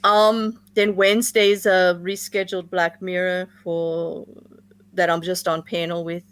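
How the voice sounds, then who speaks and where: A woman from the States in casual chat as a guest, chatty and quick to laugh, often trailing off and starting again. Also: fairly low pitch, flat delivery, clear, resonant tone. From United States.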